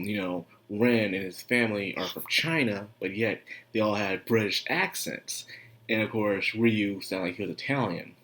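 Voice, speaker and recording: A man giving a casual, rambling anime review, chatty and often laughing. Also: lowish voice.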